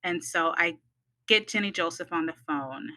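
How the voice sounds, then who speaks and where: A woman's voice: lowish voice, moderate pace, rough recording. A midwifery student, a woman from the United States, telling a personal story in a podcast and acting out the voices of the people in it. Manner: animated, acts out quoted voices.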